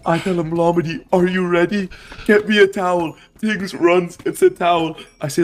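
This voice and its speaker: On a livestream, a man tells his friends a wild story, animated and swearing, constantly dropping "bro" and "right." His voice sits high and keeps a moderate pace.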